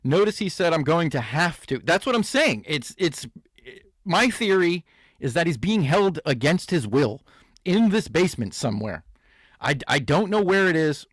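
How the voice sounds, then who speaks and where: A man's voice: on the high side, sing-song, normal speed, no room sound, clean studio sound. A man hosting a comedy reaction show, riffing sarcastically and laughing at clips. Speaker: host.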